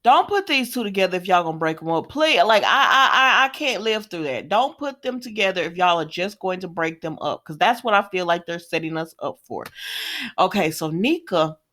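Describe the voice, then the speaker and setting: A woman's voice: on the low side, expressive, normal speed, pushed and bright. Chatty woman recapping a soap. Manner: chatty, laughs often, acts out quotes in character voices. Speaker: soap opera recap host. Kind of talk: casual chat recap.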